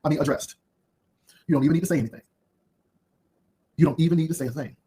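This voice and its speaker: Hosting an unscripted YouTube drama commentary, a man fires off sassy, cutting put-downs while rambling. His voice is mellow and fairly high, and he speaks fast.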